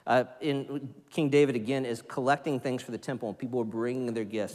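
A man's voice: medium pitch, a little fast. Man preaching in an echoing church. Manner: animated, playful voices for quoted excitement. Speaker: pastor. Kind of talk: sermon. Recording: church hall reverb.

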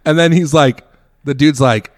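A podcast co-host with a fairly high-pitched voice speaks at normal speed, captured in clean studio sound with no room noise. He tells a story in casual conversation and laughs often.

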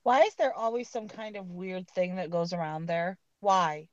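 A woman's voice: fairly low pitch, normal speed, lo-fi sound. Teasing woman in casual chat. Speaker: podcast co-host.

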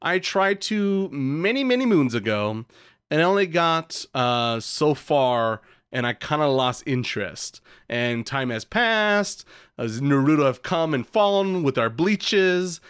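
Smooth-voiced man rambling on a podcast. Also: on the high side, expressive, measured pace, fairly bright tone, no echo, clean studio sound. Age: adult who calls himself old. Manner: rambling, joking, profane. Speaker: podcast co-host. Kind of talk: casual chat.

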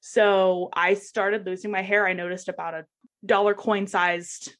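A woman's voice: medium pitch, little pitch movement, a little slow. A young woman casually telling a personal story in a podcast chat, laughing often and acting out the voices of the people she quotes. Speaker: guest sharing personal story.

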